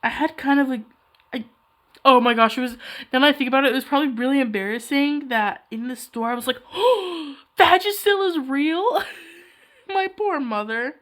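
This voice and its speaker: A young woman talks casually while she draws, her voice sitting a little high. She rambles from one aside to the next and pokes fun at herself as she goes. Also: steady tone, brisk, a bit bright. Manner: rambling, chatty, self-deprecating. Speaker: hobby artist vlogger. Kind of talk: casual chat while drawing.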